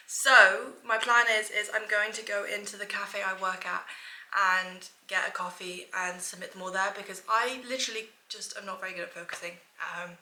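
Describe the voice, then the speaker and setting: A young woman vlogging to camera in a chatty, excitable, self-mocking way. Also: mid-range voice, a little fast. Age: young adult. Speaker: student vlogger. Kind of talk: casual vlog talk to camera. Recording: echoey room sound.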